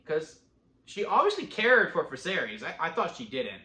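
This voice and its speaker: A man at home casually recapping a TV episode, rambling with quick restarts and bursts of laughter. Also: sits high, lively intonation, pushed and bright, reverberant. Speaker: TV episode reviewer. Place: at home with a dog.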